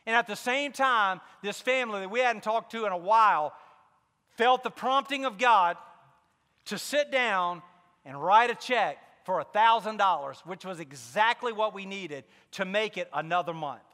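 A man's voice: high-pitched, normal speed, pushed and bright, long reverb tail. A man preaching a sermon as pastor, telling a personal story with candid asides and building to fervent emphasis.

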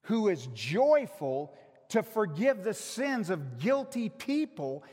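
Man, pastor, sermon, high voice, teasing, shouts then hushes, big reverberant hall. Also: takes it slowly, breathy edge. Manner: teasing, animated preaching that swings from shouts to hushed emphasis. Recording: long reverb of a large hall.

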